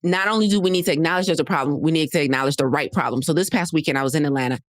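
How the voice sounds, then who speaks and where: This low-pitched woman talks rapid-fire as she coaches listeners on her solo podcast, repeating key points and frequently asking "right?" It's a dry, clean studio recording.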